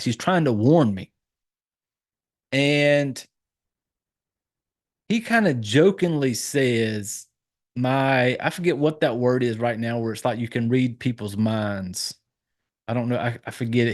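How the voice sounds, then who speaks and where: A man talking loosely and profanely about a film, his voice at an ordinary middle pitch. He keeps jumping up in pitch to act out lines from the movie. It sounds like casual podcast chat with a married guy. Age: adult, married. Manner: loose, profane storytelling, acting out lines in a raised voice. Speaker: podcast host reviewing a horror film.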